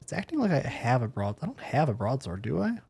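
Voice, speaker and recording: Sleepy male streamer, husky mellow voice, rambling jokey commentary over quiet game music. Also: medium pitch, very animated, fast talker. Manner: rambling, profane, joking. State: sleepy, yawning. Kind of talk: casual gameplay commentary.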